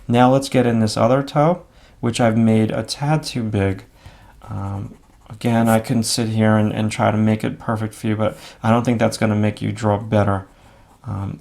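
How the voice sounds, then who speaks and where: A man giving a relaxed drawing lesson, talking through each stroke as he draws, with frequent fillers and self-critical asides. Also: fairly low pitch, vocal fry. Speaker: drawing instructor. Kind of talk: casual instructional narration while drawing.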